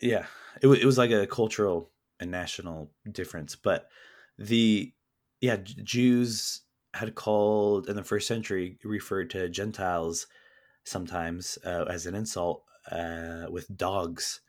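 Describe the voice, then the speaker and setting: A man with a fairly low voice answers interview questions. He speaks earnestly, in a measured and reflective way, as a guest talking about his book. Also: steady tone. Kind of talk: conversational interview.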